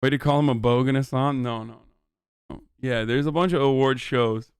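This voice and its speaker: A man hosts his live stream with loose, rambling chat, swearing casually as he hops between asides at a brisk pace. His smooth, clear, middling-pitched voice sits close and dry on a desk microphone in a home streaming room.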